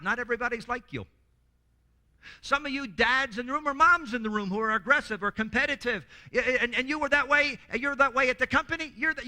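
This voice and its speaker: A man leading a workshop, with a very bright, forceful voice that climbs high and swings widely in pitch. He teaches with humor and energy, acting out the people he quotes, and doubles back on his words as he goes. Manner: lively, acts out quoted voices, often restarts words. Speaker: workshop presenter. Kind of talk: animated teaching talk with humor.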